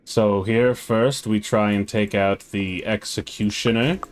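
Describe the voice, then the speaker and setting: A man's voice: lowish voice, fairly even intonation, unhurried, faint music behind. A man recording a voice-over commentary of his own gameplay, wry, sarcastic and self-mocking. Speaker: gaming channel host.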